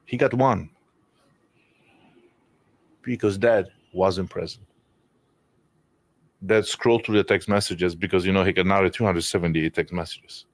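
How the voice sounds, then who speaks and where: A man with a low voice, speaking candidly and emotionally, with many restarts and an occasional curse. The sound is dry and close, with no room around it. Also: fairly even intonation, a little slow, long pauses, dry recording. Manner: emotional, rambling with restarts and swearing. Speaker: podcast guest. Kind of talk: candid conversational storytelling.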